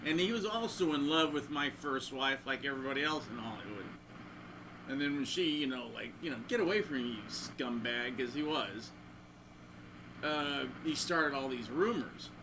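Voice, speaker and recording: Against a noisy background, a man of medium pitch speaks at normal speed, pausing his guitar playing for a rambling, crude anecdote. As the channel's host and guitarist, he acts out the voices of the characters in his stories.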